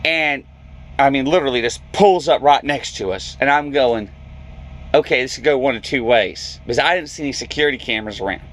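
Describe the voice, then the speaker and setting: A man's voice: medium pitch, a little fast. A man, a truck driver, telling a story in a vlog and acting out the people in it. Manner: animated storyteller, acts out quoted voices.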